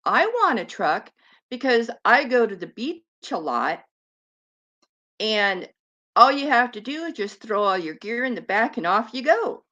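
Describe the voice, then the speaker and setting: Sarcastic woman with a slow, lively voice. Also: on the high side, highs cut off. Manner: scornful, sarcastic, swears freely. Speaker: commentary vlogger. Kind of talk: mocking commentary on clips. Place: lives on an island.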